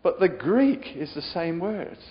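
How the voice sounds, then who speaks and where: With a high voice swinging widely in pitch, a man preaches at a measured pace, keeping things chatty and jokey and often quizzing his listeners. Long hall reverb and a dull lo-fi quality color the recording.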